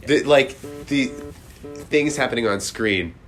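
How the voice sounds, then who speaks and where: A man's voice: medium pitch, slow, faint music behind. A young man hosting a casual movie podcast, rambling with many restarts. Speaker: podcast host. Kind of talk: casual chat.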